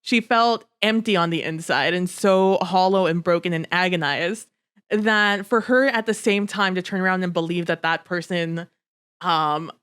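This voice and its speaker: A woman co-hosting a casual book-club podcast, talking with animated energy, laughing often and swearing freely. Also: on the low side, clean tone. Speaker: podcast co-host.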